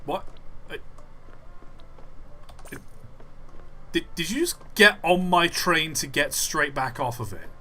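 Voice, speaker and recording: A man's voice: a little high, expressive, takes it slowly, long pauses, sharp tone. A young man, commenting casually as he plays a game on a live stream and drifting into long musing asides. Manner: rambling, musing aside while playing.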